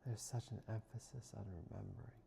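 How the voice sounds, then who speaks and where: A man speaking as a spiritual healer in a slow, soft, reflective monologue, often drifting into a whisper. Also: lowish voice, creaky, a little hiss or hum.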